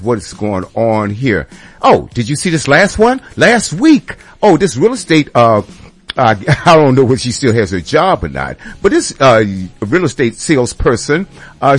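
A man's voice: mid-range voice, sing-song, normal speed, slightly rough. A male radio host delivering an indignant, sarcastic rant with many exclamations. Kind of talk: ranting commentary.

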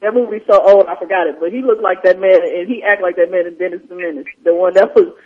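A man co-hosting a radio show in casual talk, animated and rambling, with a husky voice. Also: high-pitched, fast talker, narrow, tinny audio.

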